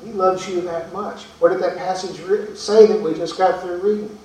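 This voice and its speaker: A man's voice: high-pitched, steady tone, normal speed, darkish tone. A man preaching a sermon in earnest tones, asking rhetorical questions and repeating words as he goes. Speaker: pastor. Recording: echoey room from far off.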